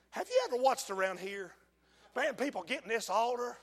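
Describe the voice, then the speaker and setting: Preacher, male, very high forceful voice, fiery sermon from hushed to shouted, long church reverb. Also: animated, a little fast. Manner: emphatic, swings from hushed pleading to shouting. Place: large church sanctuary.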